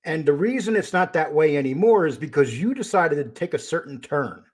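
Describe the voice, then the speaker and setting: A man's voice: fairly high pitch, animated, fairly quick. An older man hosting his own live stream, greeting viewers by name and speaking bluntly and argumentatively. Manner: greets viewers by name, then turns confrontational. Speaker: host of a live stream show. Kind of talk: casual live-stream talk.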